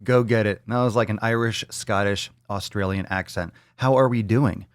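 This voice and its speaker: A man hosting a casual livestream podcast, joking and swearing loudly with hype-style bravado. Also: lowish voice, normal speed, no room sound, studio quality. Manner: brash, joking, profane hype talk. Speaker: podcast host.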